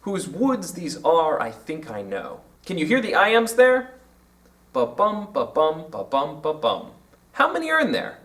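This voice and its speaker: Lively man teaching, heard from a distance. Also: high-pitched. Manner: animated, taps out rhythms aloud. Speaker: teacher and channel host. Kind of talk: explaining a literature lesson to camera.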